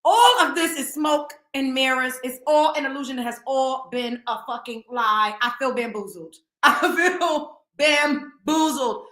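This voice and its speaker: A woman hosting a live celebrity gossip show, talking in a blunt, profane and animated way. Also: high-pitched, moderate pace, few pauses, roomy sound. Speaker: host.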